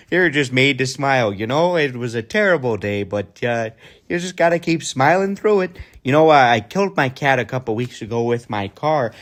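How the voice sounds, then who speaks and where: A man playing a hapless, cheerful young man who laughs off every misfortune with giggles and drawn-out ums. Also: mid-range voice, lively intonation, fairly bright tone, natural voice. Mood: chipper. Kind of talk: comedy sketch monologue.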